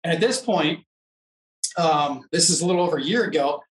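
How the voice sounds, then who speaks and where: A man's fairly high voice comes quickly through an echoey room, recorded from afar in poor quality. An off-road racer, he wanders through a casual story about racing, groping for words and frequently performing what others said.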